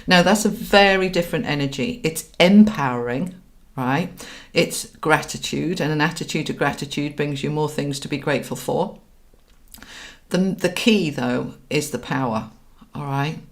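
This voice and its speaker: A middle-aged woman speaks to viewers of a live stream as a spiritual coach. Her voice sits low, and she talks in an earnest, guiding way, often stopping to ask "all right?" or "okay?". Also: normal speed.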